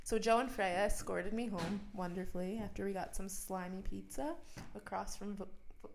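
A young woman co-hosting a podcast, telling a story in an animated way and laughing often. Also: medium pitch, normal speed, gravelly, a little hiss or hum. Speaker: podcast co-host. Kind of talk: casual storytelling chat.

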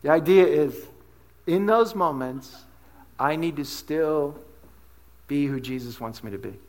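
A male pastor with a fairly high voice preaches to his church. He tells everyday stories, acts out quotes, and keeps asking the congregation questions. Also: measured pace. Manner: animated storytelling with asides and acted quotes. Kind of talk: sermon.

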